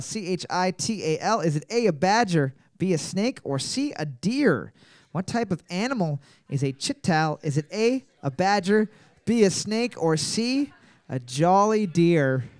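A man's voice: high-pitched, very animated, moderate pace, darkish tone, dry recording, clean studio sound. A man hosting a casual trivia quiz, joking, swearing freely and reading each question twice. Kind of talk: casual comedic banter.

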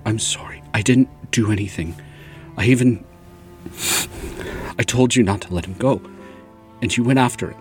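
A man's voice: lowish voice, soft background music, natural voice. A man voicing Lance, a guilt-ridden young man who stammers through apologies and pleas. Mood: apologetic. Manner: halting, repeating himself, pleading.

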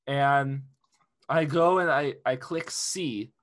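A man's voice: mid-range voice, slow pace. A young man co-hosting a podcast, telling a story with lots of laughs and swearing. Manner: animated storyteller, laughs often, swears freely. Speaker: podcast co-host. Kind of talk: casual podcast chat.

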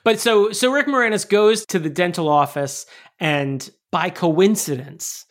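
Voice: medium pitch, unhurried. Emphatic podcast co-host in casual chat. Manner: animated, emphatic, swears casually.

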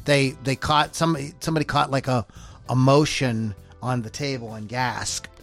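A man's voice: mid-range voice, fairly even intonation, moderate pace, fairly bright tone, soft background music. Rambling conversational man, podcast co-host. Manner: conversational, rambling with restarts and throat clearing. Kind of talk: casual storytelling chat.

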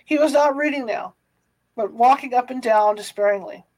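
A woman reading a classic novel aloud, unhurried, with small stumbles and restarts. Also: fairly high pitch, darkish tone, poor audio. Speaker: reader.

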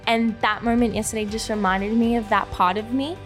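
Young woman, slightly high voice, earnest heartfelt podcast chat, casual fillers, faint music behind. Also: steady tone, fairly quick. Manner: earnest, heartfelt, many "like" and "you know" fillers. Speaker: podcast co-host.

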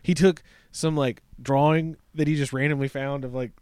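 A man co-hosting a podcast, chatting casually with an animated, joking delivery. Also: mid-range voice, moderate pace, clear, resonant tone, dry recording, clean studio sound. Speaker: podcast co-host. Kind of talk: casual chat.

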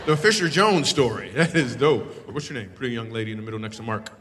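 At a live comedy show in a reverberant hall, a comedian teases the audience with quick, lively delivery in a mid-range, somewhat bright voice. He holds a handheld mic, does crowd work, and laughs often, while the live audience laughs faintly in the background.

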